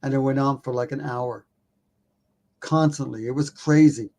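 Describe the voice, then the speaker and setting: A man, a documentary filmmaker, telling a story as a podcast guest in a casual, animated way, poking fun at himself and swearing offhandedly. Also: medium pitch, normal speed.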